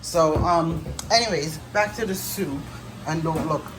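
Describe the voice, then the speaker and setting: Young mom vlogging in her kitchen, low voice, rambly chat, noisy phone audio. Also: measured pace. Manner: chatty, rambling, loose and informal. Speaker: family vlogger. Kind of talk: casual vlog chat. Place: home kitchen. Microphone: phone camera, speaker off screen. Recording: noisy home phone recording.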